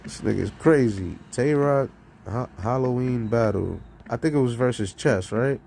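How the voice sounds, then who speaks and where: A man talking casually on his live stream, rambling and profane, laughing between lines and swinging from loud outbursts to low mutters. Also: normal speed, gravelly, a little hiss or hum. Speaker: streamer and rapper.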